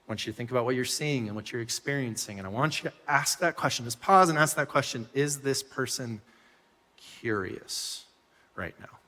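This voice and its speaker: A man preaching a sermon as pastor, telling stories with animated swings from loud bursts to soft asides. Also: mid-range voice, fast talker, few pauses, long reverb tail. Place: church hall.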